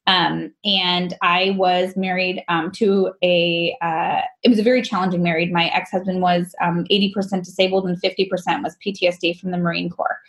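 With a lowish voice at normal speed and barely any pauses, a woman guest recounts her personal story frankly. Her telling is animated, with frequent laughter and acted-out dialogue.

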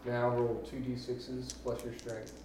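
A man's voice: mid-range voice, flat delivery, distant mic. Man running a tabletop game in an echoey room. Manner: measured, descriptive narration. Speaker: game master. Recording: echoey room with background noise.

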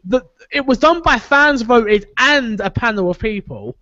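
A man with a high, light voice hosts a casual podcast chat, animated and opinionated. The sound is dry and close, but a little dull and lo-fi. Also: measured pace, no echo. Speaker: podcast host. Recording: dull lo-fi audio.

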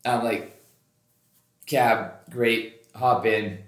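A man with a medium-pitched voice speaks very slowly while hosting a podcast, recorded in a roomy, echoey space. Telling a story in casual chat, he's animated, acts out the quoted dialogue, and swears freely.

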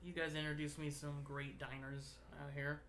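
A man's voice: on the high side, level tone, moderate pace, reverberant, background noise. A man in his thirties chatting casually with friends, telling self-deprecating jokes about his trip. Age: 30s. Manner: joking, self-deprecating storyteller. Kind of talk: casual chat.

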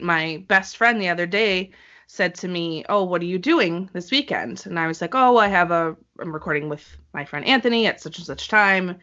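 A woman co-hosting a casual podcast chat, an animated storyteller who acts out the voices she quotes. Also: on the low side. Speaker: podcast co-host. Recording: slightly dull lo-fi audio.

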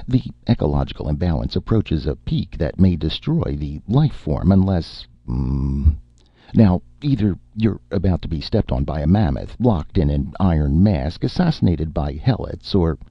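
A man voicing a fussy, apologetic male robot that talks quickly and eagerly in an audiobook reading. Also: sing-song, gravelly, breathy edge, dry recording, heavily acted. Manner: quick, eager, rising pitch. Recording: muffled lo-fi recording.

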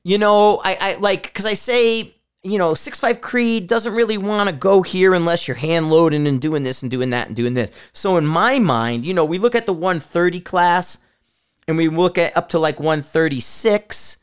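Podcast host, man, smooth clear voice, excitable rambling storyteller who swears a lot. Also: high-pitched, moderate pace. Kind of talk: casual talk about shooting.

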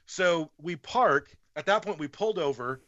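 A man with a slightly high voice, speaking at normal speed, tells a story on a podcast where he's a guest, swearing freely and animatedly acting out what others said. The audio has no echo but is a little muffled.

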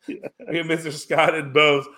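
A man's voice: fairly high pitch, flat delivery, slow pace, bright, forceful tone. A man in casual chat, retelling a film scene by scene with many fillers and restarts.

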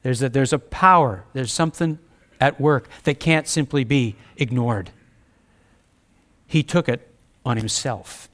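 A man's voice: medium pitch, measured pace, pauses often, a bit bright. A man preaching a sermon, reading scripture aloud and speaking earnestly with repetition for emphasis. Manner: reads scripture aloud, conversational asides.

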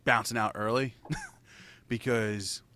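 A man's voice: medium pitch, takes it slowly, pushed and bright, no room sound. A man in casual chat, telling a rambling, profanity-laced story and laughing between lines.

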